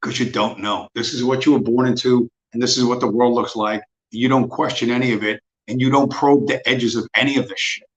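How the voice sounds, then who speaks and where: A man's voice: mid-range voice, fairly even intonation, fairly quick, hardly any pauses. A man in his fifties hosting a livestream, talking in a blunt, profane, mocking rant. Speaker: livestream host. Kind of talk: casual ranting monologue. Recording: roomy, dull lo-fi sound.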